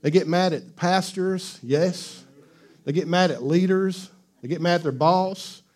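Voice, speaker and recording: A male pastor with a notably high voice preaches in an easy, conversational way. He chuckles often and keeps prompting the congregation to answer back. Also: unhurried, a little mellow. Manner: conversational, laughing, call-and-response with the congregation. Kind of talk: sermon.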